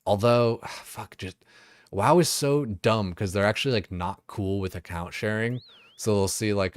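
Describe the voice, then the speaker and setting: A young man with a low voice chats loosely while streaming a game. He rambles, swears freely and keeps circling back on himself. The sound is close and dry, with no room behind it. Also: expressive, takes it slowly, long pauses, no echo. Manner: rambling, swears a lot, many fillers.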